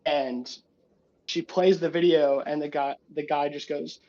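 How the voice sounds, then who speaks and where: A man narrating a tabletop game as game master in an animated way. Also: fairly high pitch, measured pace, lo-fi sound. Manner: animated, lots of voices and asides.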